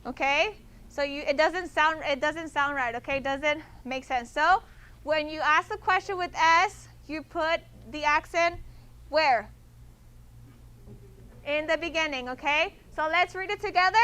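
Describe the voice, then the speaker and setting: A woman's voice: high-pitched, unhurried, bright, forceful tone. A woman teaching a Spanish class, patient, checking often that students follow. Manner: patient, repeats and checks understanding with "okay?".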